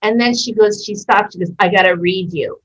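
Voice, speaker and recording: A woman from Canada, a guest in a casual interview, telling a story in an animated way, acting out voices and swearing freely. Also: mid-range voice, fairly quick, slightly rough. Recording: dull lo-fi sound.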